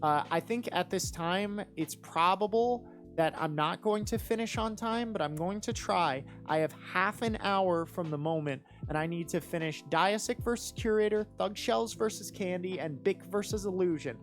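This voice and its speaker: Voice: medium pitch, normal speed, soft background music. A judge talking through written rap verses live, enthusiastic and rambling, with lots of fillers and restarts. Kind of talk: live commentary and critique.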